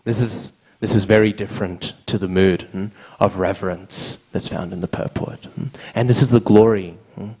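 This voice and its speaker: A man's voice: low voice, fairly even intonation, normal speed, few pauses, darkish tone, slightly rough, low-quality recording. A man giving a devotional scripture class, checking in with listeners by tagging a questioning "hmm?" onto almost every phrase.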